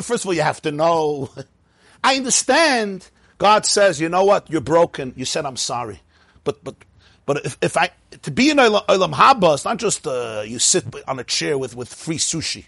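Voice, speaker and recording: A man's voice: high voice, lively intonation, normal speed, creaky, fairly bright tone, no room sound. A man teaching a Talmud and Chassidus class, telling the story with laughing asides and mixing Hebrew and Yiddish terms into his English. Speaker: Torah teacher.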